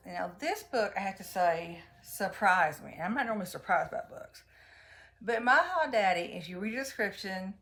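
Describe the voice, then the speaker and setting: A woman hosting her own show, chatting excitedly through a romance book review and acting out the characters' lines. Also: medium pitch, gravelly. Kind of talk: casual book review monologue.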